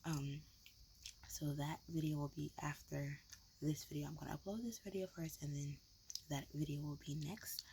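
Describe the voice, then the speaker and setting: A woman, whispering and talking low in a whispered role-play style, chewing gum close to the mic, with many likes and ums. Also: vocal fry, background noise. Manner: mixes soft whisper with low talking, filler-heavy. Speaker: ASMR vlogger. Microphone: close ASMR mic, gum chewing.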